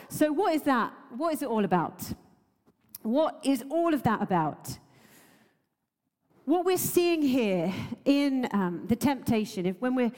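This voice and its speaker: A woman's voice: a little high, a little mellow, in a large hall. A woman preacher giving a sermon, earnest and emotional, laughing now and then and using many fillers.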